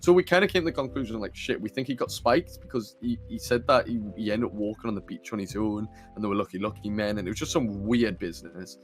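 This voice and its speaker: A man's voice: lowish voice, quick pace, hardly any pauses, faint music behind. Sweary young man telling a story. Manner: sweary, rambling, lots of fillers. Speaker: podcast host. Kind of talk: casual storytelling. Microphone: computer camera mic.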